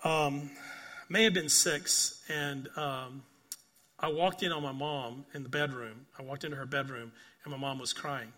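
An older man preaching a sermon. He tells stories earnestly, repeats phrases, and keeps asking "right?", rising to emphatic bursts and then dropping soft and quiet. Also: mid-range voice, fairly even intonation, measured pace. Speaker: pastor.

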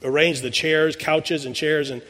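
A man's voice: on the high side, fairly even intonation, a little slow, fairly bright tone. A pastor in his sixties giving a sermon, telling a personal story in a conversational way, often restarting his words. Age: 60s. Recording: long reverb in a large hall.

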